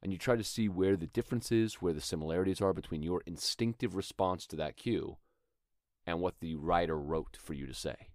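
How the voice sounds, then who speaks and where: A man's voice: low-pitched, brisk, a little mellow, no room sound, studio quality. A man hosting an acting podcast, explaining script work in a thoughtful, conversational way and sometimes reading lines aloud to show them. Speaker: acting coach podcast host. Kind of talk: instructional talk.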